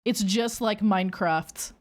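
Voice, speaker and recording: A woman voicing a tipsy young man who talks in a slow, flat, unimpressed drawl. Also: mid-range voice, natural voice. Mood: drunk, dazed.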